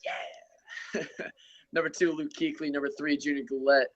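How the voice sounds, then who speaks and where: A man's voice: a little high, level tone, measured pace, a bit bright, no echo, dull audio. Casual young guy reading football stats. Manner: loose, profane, reels off rankings and stats. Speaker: podcast host. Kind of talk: casual sports gaming chat.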